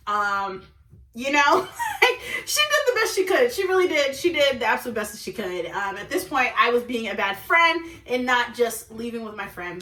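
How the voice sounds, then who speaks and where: Young woman vlogger, bright high voice, lively storyteller, echoey room, a little off mic. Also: distant mic. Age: young adult. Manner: animated, laughs often, says okay and like a lot. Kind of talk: storytime vlog.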